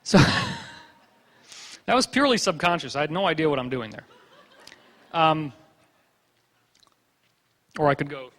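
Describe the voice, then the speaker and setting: In a conference hall, a man lectures with slides as a joking, sarcastic storyteller who acts out the people he quotes. His voice is somewhat high, animated and fairly bright, slow with frequent pauses, under long hall reverb.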